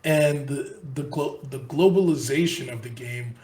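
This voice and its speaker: A man's voice: medium pitch, a little slow, a little mellow. A man co-hosting a sports podcast, talking casually in long, earnest, rambling stretches full of restarts. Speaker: podcast co-host.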